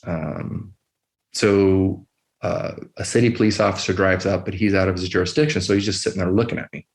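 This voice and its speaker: A middle-aged man, an emergency physician, telling a personal story as a podcast guest in a quiet, measured way with many pauses. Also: low-pitched.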